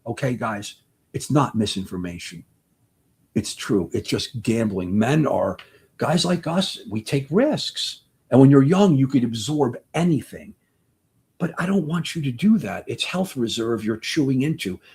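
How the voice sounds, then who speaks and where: Doctor guy in his 60s doing a live q&a, super raspy voice, bouncy up-and-down pitch, rambles and restarts a lot. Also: animated, measured pace, a little mellow. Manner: impassioned, rambling, restarts sentences. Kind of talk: live Q&A talk.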